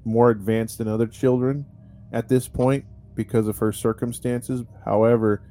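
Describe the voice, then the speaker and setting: A man's voice: mid-range voice, flat delivery, moderate pace, mellow. A man, a podcast host, telling a true-crime story in a casual, chatty way, with lots of fillers and restarts. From United States.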